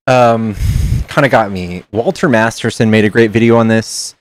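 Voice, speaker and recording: A man's voice: fairly low pitch, moderate pace, no room sound, studio quality. A man streaming live, chatting casually with his chat, reading aloud and swearing as he reacts.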